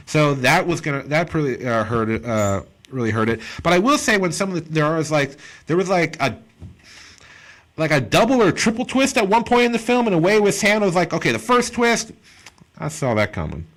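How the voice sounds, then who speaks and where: Male comedian co-host, casual chatty reviewer, loose and filler-heavy, a bit higher-pitched. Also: brisk. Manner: rambling, filler-heavy, animated impressions. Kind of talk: casual chat, movie review.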